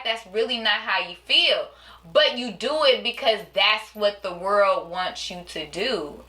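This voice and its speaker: A woman's voice: medium pitch, pushed and bright. A woman guest on a podcast, talking in casual chat, earnest and reflective as she explains her view at length. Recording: roomy echo.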